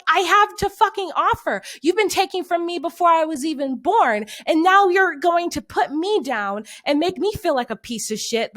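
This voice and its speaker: A woman's voice: extremely high pitch, fairly bright tone. A woman in her twenties, a podcast co-host, delivering an angry, profane, exasperated rant in casual chat. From United States. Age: 20s.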